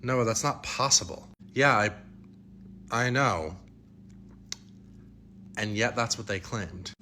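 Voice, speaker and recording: Calm, lecturing man in a comedy sketch. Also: fairly low pitch, slow, slight background noise. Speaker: comedy skit creator playing a residence hall staffer.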